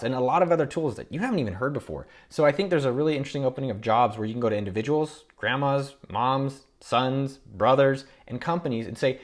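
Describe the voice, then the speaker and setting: Man, thirties, entrepreneur host, rapid delivery, mid-pitched voice, upbeat, home office video talk. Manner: upbeat, quick, listing ideas with enthusiasm. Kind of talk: casual talk to camera.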